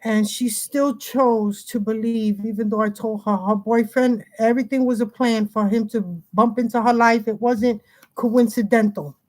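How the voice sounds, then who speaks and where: A woman's voice: fairly high pitch, steady tone, normal speed, a little mellow. A middle-aged woman livestreaming from home, agitated and rambling, often restarting her sentences. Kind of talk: casual livestream talk.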